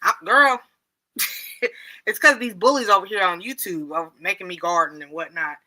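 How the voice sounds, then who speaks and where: A woman's voice: on the low side, normal speed, bright, forceful tone. A middle-aged woman hosting a casual livestream chat, laughing often and reading out viewer comments. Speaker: livestream host.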